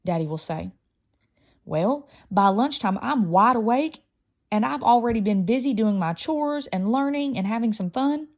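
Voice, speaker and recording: A woman reading a children's novel aloud in a lively first-person storytelling voice. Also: on the high side, normal speed. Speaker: audiobook reader.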